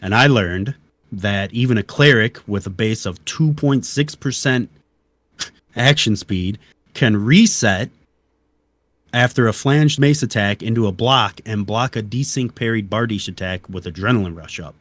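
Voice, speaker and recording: A man's voice: on the low side, measured pace, dry recording. A man being interviewed about a video game, giving detailed technical explanations in a casual chat. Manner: detailed, technical explanations, soft-spoken asides.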